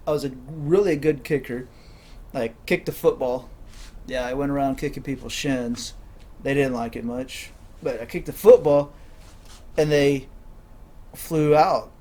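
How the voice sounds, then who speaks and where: A young man telling rambling comic stories, laughing at his own jokes and acting out voices loudly. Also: medium pitch. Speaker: comedian.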